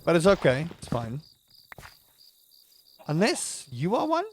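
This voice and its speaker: A man's voice: fairly high pitch, wildly swooping pitch, takes it slowly, slight background noise. A man giving playful, chatty let's-play commentary with jokey wordplay. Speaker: gaming host.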